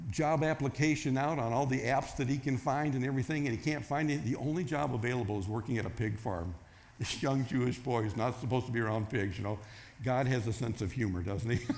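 A man preaching a sermon, telling a story casually and acting out the voices in it. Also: mid-range voice. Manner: storytelling, acts out quoted voices with rising excitement. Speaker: pastor.

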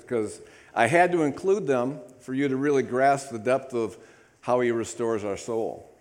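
A man preaching as pastor, leading the congregation in loud recitation. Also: medium pitch. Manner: leads congregation in loud call-and-response recitation. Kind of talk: sermon. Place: church sanctuary. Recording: echoey church hall.

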